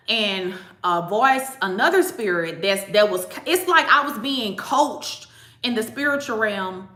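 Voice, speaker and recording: A woman's voice: mid-range voice, expressive, unhurried, pushed and bright. A woman hosting a spiritual channel, telling a personal story in a chatty, emphatic way and speaking straight to her viewers. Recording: echoey room.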